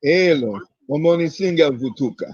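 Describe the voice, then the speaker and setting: A man's voice: a little high, lively intonation, normal speed, a little mellow, husky, no echo, dull audio. A man student carefully reading practice phrases aloud in a language class.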